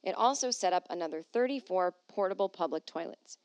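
A woman's voice: on the low side, expressive, fairly quick, smooth, no echo. A woman hosting a comedic solo podcast, reading news aloud and riffing on it sarcastically, swearing freely. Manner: sarcastic, swears freely, slips into silly put-on voices.

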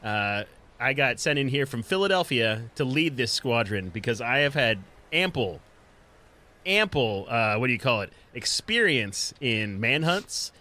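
A man's voice: medium pitch, sing-song, measured pace, sharp tone. A man playing a boastful male agent in a tabletop game, bragging about his manhunts and rambling with fillers. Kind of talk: tabletop role-play in character.

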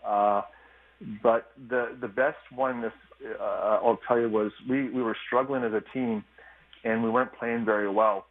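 A man's voice: medium pitch, a little slow. Easygoing man on a tinny phone line. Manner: relaxed, easygoing storytelling with frequent fillers. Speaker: retired hockey player, guest. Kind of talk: casual phone interview.

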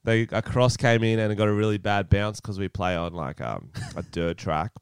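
A man's voice: lowish voice, normal speed, clear, resonant tone, no echo, studio quality. Swearing Australian man telling stories. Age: 30s. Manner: animated swearing storyteller who acts out scenes. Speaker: podcast co-host. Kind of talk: casual podcast chat.

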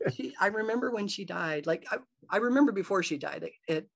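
Podcast guest, woman from Michigan. Mid-pitched, gravelly voice. Animated storyteller who acts out her own thoughts. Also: brisk. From Michigan, USA. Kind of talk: personal storytelling in a podcast interview.

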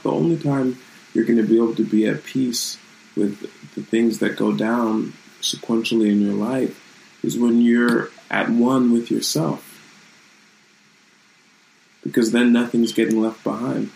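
A man's voice: mid-range voice, fairly even intonation, measured pace, gravelly, darkish tone, slight background noise, rough recording. A man hosting his own channel, talking in a loose, rambling and reflective way in a casual live-streamed vlog from his room at home.

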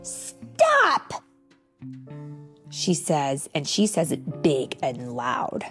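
Young woman storybook reader, unhurried, animated pitch, gentle exclaims; faint music under. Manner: slow, expressive, gently exclaiming. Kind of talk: reading a picture book aloud to a child.

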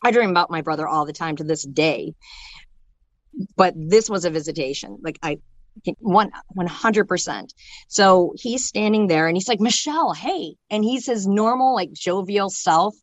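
Halting, soft-spoken woman recounting a loss. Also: on the low side, dry recording. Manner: halting, filler-heavy talk with many restarts. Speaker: storyteller sharing a personal loss. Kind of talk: emotional personal storytelling.

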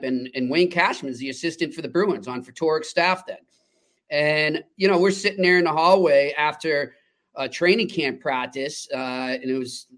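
Guy on a hockey podcast, slightly high voice, loves a good story. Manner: chatty storyteller, lively and laughing. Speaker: sports podcast co-host. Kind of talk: casual sports talk.

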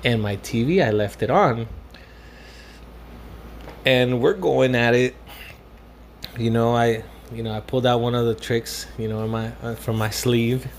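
Speaking at a measured pace with frequent pauses, a young man in a mid-range voice rambles profanely through a story, heavy on fillers, now and then switching to Spanish phrases. A slight hiss or hum sits under the recording.

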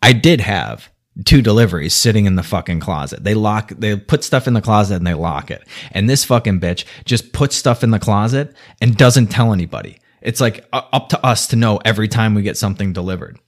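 A man's voice: fairly low pitch, animated, fairly quick. A man venting in a heavy-swearing, sarcastic personal rant.

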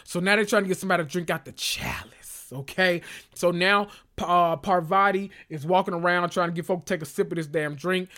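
Man, podcast host, high voice, sassy reality TV gossip, casual monologue. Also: a little fast. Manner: sassy, animated gossip with slang.

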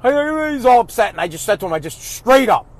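Speaking briskly in an extremely high, sing-song voice, a father delivers a blunt, curse-filled rant about parenting. His volume climbs as he keeps going with his opinions.

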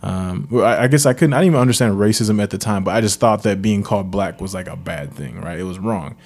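A man, co-hosting a podcast and telling a childhood story in a casual, animated way. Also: lowish voice, quick pace, vocal fry, husky. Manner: animated storyteller, acts out quoted voices. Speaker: podcast co-host.

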